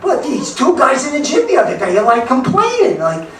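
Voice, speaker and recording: A man, doing a blunt stand-up set in a club, with sudden loud outbursts. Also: very high voice, huge pitch swings, brisk, few pauses. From New York. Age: 70s. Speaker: stand-up comic. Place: comedy club in Denver. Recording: echoey club from far off, background noise.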